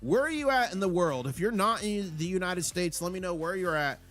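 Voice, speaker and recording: A man's voice: high-pitched, lively intonation, a little fast, faint music behind. Upbeat man hosting a livestream. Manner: upbeat, shout-outs to viewers. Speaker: livestream host. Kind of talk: casual live chat.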